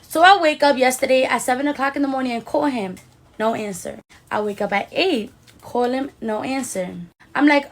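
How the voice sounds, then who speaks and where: A young woman with a high-pitched voice tells a casual storytime straight to her viewers. She talks in loose slang and jumps into lively quoted voices for the people in the story. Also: normal speed. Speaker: beauty vlogger.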